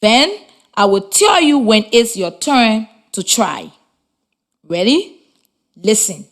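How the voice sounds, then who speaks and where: Slow, lively-voiced woman radio teacher. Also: a little high. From Liberia. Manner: slow, encouraging, clear instructions. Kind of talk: radio reading lesson for children.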